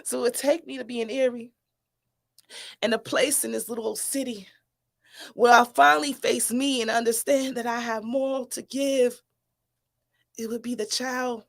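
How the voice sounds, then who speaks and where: A woman's voice: on the high side, steady tone, moderate pace, vocal fry, long pauses. A woman poet, giving an earnest, emotional spoken-word recital. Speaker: poet, guest.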